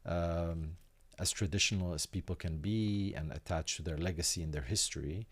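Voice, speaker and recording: A man's voice: deep voice, moderate pace, slightly rough. A man hosting a podcast, chatting casually in an earnest, loose way. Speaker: podcast host. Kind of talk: casual chat.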